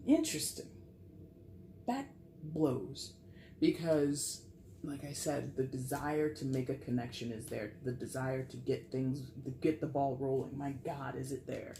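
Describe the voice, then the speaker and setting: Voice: mid-range voice, vocal fry, a little mellow, echoey room, a little hiss or hum. A tarot reader giving a casual, chatty reading, swearing freely and acting out little scenes. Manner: chatty, profane, acts out quotes.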